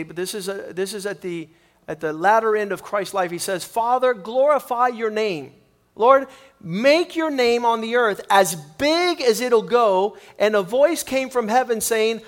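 A middle-aged man preaching a sermon with animated, quick bursts and repeated words. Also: extremely high pitch.

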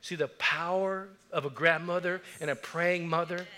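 Middle-aged male pastor, high bright voice, earnest sermon storyteller. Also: fairly even intonation, normal speed. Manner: earnest preacher, building to emphatic declarations.

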